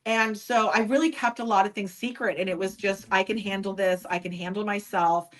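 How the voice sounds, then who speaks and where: A woman's voice: medium pitch, steady tone, a little fast, low-quality recording. A woman speaking in a mid-range voice as a podcast guest. She tells her story candidly in a conversational way. She acts out the voices of the people she quotes. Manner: candid, acts out other people's lines when quoting. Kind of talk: personal storytelling in an interview.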